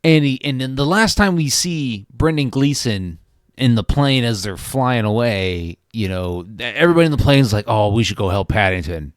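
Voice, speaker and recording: A man's voice: mid-range voice, normal speed, clear, resonant tone, no room sound, studio quality. A man co-hosting a podcast, reviewing a movie in casual, rambling chat, swearing freely and restarting his sentences. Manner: rambling, profane, animated storytelling with many restarts. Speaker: podcast co-host.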